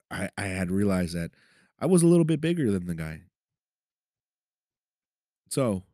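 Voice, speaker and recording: A Los Angeles podcast host tells a personal story in a casual, profane, conversational style, often asking "right?". His voice is low and mellow. The recording has studio quality with no echo.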